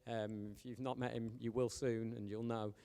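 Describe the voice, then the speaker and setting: A man's voice: mid-range voice, level tone, normal speed, mellow, clear, resonant tone. A man preaching a conversational sermon, full of "like" fillers, acting out the voices he quotes. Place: church hall. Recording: church hall with long reverb.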